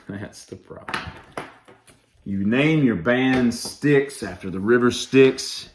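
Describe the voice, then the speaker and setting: A man's voice: mid-range voice, takes it slowly, slight background noise. A man in a casual, sarcastic rant about music, mocking and drawling through his asides. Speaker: vlogger ranting about music.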